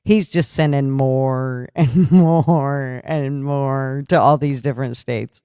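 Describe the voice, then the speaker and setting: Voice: medium pitch, fairly even intonation, takes it slowly, warm tone, clean tone, no room sound. A livestream host in casual political chat, tired and yawning, talking loosely and answering viewer comments aloud.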